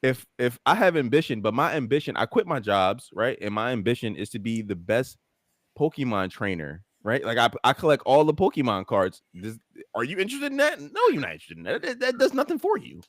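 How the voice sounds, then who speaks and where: A man co-hosting a podcast, arguing his point in a lively casual way. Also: medium pitch, fairly quick, no echo, studio quality. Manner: lively, argumentative, laughs often. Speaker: podcast co-host. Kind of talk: casual chat.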